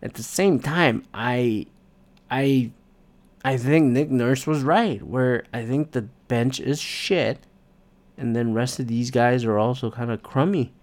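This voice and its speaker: A man hosting a solo sports podcast, ranting in frustration with heavy swearing and sudden loud outbursts. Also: medium pitch, slow. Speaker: podcast host.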